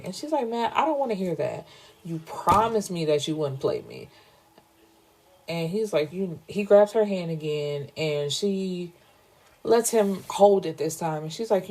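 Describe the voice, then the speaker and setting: A woman recaps a romance novel in a casual, animated way, cutting in with blunt, profane reactions of her own. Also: fairly low pitch. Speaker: book reviewer.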